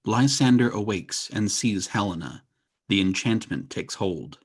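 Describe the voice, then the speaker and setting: A narrator calmly reading stage directions in a community theatre reading. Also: sits low, unhurried, husky. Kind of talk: plain read stage directions.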